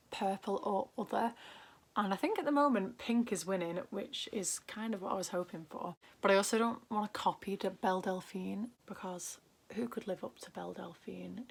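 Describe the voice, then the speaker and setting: A young woman with a Northern English accent chatting casually while doing her makeup. She rambles, often drops into soft half-whispers, and lifts her voice at the end of sentences. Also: medium pitch, vocal fry. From Northern England. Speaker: beauty vlogger.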